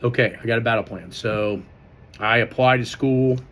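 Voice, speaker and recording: A man's voice: medium pitch, moderate pace, fairly bright tone. Man rambling through a casual story. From Indiana, US. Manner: loose and rambling, many fillers; swears casually. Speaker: strength coach.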